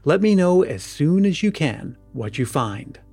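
A man's voice: fairly high pitch, very animated, measured pace, vocal fry, mellow, breathy edge, soft background music, exaggerated voice. A man reading as a weak, distressed mine owner. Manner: subdued, weak. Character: distressed middle-aged male mine owner.

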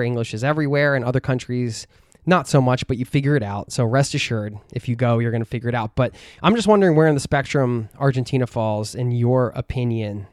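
A man hosting a podcast, asking questions in a relaxed, easygoing way. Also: mid-range voice, no room sound, studio quality. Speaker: podcast host. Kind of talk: casual interview chat.

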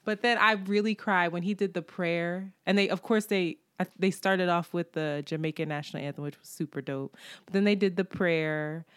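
Animated woman podcast co-host, low voice. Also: moderate pace, clean tone, dry recording, clean studio sound. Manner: animated storytelling, laughs often. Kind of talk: casual chat.

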